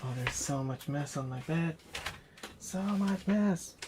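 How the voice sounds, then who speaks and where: A man chatting softly and rambling with viewers on an ASMR livestream, giggling now and then. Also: fairly high pitch, slow pace. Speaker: ASMR streamer. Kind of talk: soft-spoken ASMR livestream. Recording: loud steady background noise. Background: whirring small fan.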